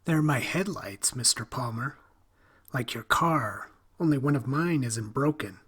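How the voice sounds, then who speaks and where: A man's voice: mid-range voice, a little slow, a bit bright, breathy edge. A man voicing an eerie young boy with shining eyes, rising to frightened screams.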